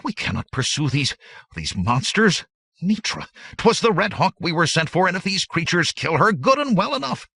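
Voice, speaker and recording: A man's voice: high-pitched, big pitch swings, moderate pace, creaky, sharp tone, husky, no echo, voice pushed up, heavily acted. A man voicing a slender, nervous young lieutenant who babbles in fear. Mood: babbling. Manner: babbling, strained.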